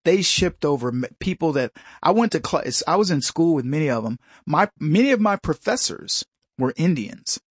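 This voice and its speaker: A man's voice: fairly high pitch, big pitch swings, moderate pace, slightly rough, no echo, studio quality. A man hosting a talk radio show in an opinionated monologue, mocking and sarcastic, laughing at his own jokes.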